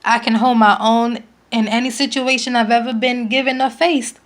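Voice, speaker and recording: Young New woman, twenties, earnest pleading vlog appeal, slightly high voice. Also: flat delivery, moderate pace. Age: 20s. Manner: earnest, pleading, emphatic repetitions. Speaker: vlogger, parent. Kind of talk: emotional direct-to-camera appeal.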